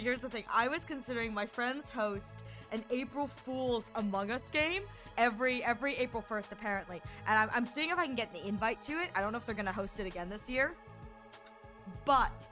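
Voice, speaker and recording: A woman streamer chats through her game in a high, bright voice, giggling and animated. Faint game music hums under her talk. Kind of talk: casual gameplay commentary.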